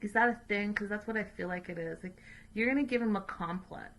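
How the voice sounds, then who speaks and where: Chatty woman host recapping a show, bright voice, lots of laughs and opinions. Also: medium pitch, a little fast, slight background noise. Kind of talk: casual recap commentary.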